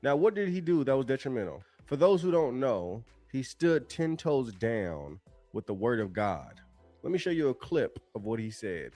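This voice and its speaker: A man's voice: medium pitch, sing-song, moderate pace, mellow, soft background music. Plain-spoken man explaining news. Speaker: content creator. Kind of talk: explainer commentary.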